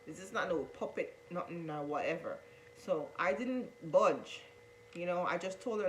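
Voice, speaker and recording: Woman, low-ish voice, earnest storytelling, faint hum behind. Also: normal speed, rough recording. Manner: earnest, repeats herself, addresses viewers as guys. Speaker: vlogger telling her coming-out story. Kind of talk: emotional storytelling to camera.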